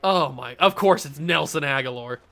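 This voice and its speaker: A young man runs a casual play-by-play of his own football video game. His voice sits high and bright, and it keeps tipping into excited outbursts and asides to himself between the calls. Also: moderate pace, gravelly. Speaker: gaming channel host.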